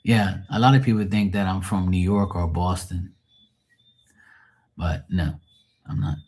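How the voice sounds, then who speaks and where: Husky-voiced Bermudian man chatting casually. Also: low-pitched, unhurried, a little mellow. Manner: loose, joking, swears freely. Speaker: livestream host and tarot reader. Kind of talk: casual live-stream chat. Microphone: phone.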